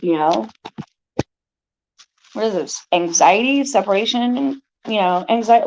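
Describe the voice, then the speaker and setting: A woman's voice: medium pitch, lively intonation, a little slow, a little mellow, muffled recording. A woman vlogger talking casually and rambling, frustrated and tired as she vents. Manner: frustrated, weary, loose and rambling. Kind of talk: casual venting monologue.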